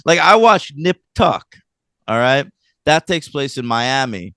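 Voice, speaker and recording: A man co-hosting a casual film review podcast, rambling and animated as he retells scenes, with lots of fillers. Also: medium pitch, a little slow, dry recording, studio quality. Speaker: podcast co-host.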